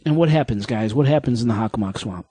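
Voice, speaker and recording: A man's voice: medium pitch, fast, mellow, slightly rough, no echo. A man hosting a casual group podcast, telling a travel story and acting out the people he met. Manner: storytelling, acts out quoted people. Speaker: podcast host.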